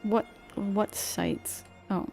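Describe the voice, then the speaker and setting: Woman streamer, casual and chatty, mid pitch with vocal fry. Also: steady tone, extremely slow, dark tone, faint music behind. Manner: chatty, self-correcting, playful. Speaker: game streamer. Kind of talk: casual game commentary.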